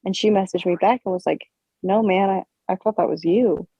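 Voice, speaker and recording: A young woman co-hosting a podcast, telling a story in a casual, animated way, full of fillers and swearing. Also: medium pitch, brisk, slightly rough, dry recording, highs cut off. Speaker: podcast co-host.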